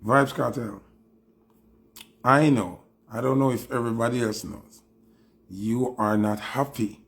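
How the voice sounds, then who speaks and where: A man's voice: medium pitch, steady tone, measured pace, slightly rough. A man with a Jamaican accent giving a heated, taunting commentary monologue, mixing patois with English. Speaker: dancehall commentator.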